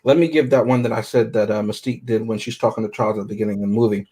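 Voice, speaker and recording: On a movie review panel, a man talks enthusiastically in casual podcast chat, often asking "right?" and "you know what I mean?" His lowish voice is dark and husky, fairly even in intonation and very fast, and the recording is rough.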